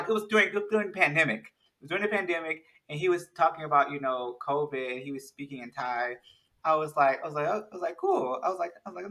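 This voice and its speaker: Bright-voiced man chatting animatedly. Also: sits high, rough recording. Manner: animated, rambling with many restarts. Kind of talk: casual chat.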